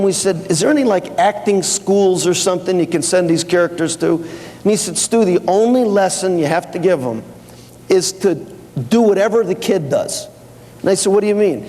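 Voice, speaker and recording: This speaker's voice is high yet darkish in tone as he addresses a seminar hall audience during a company event. His conversational business talk is built on anecdotes and quoted exchanges, full of fillers and restarts, all under a long hall reverb.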